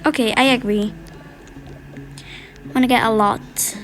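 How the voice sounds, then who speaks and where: A woman's voice: a little high, steady tone, a little slow, a bit bright, voice pushed down. A woman voicing a busy mother of twins in a toy game role-play, fussy and soothing. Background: background music.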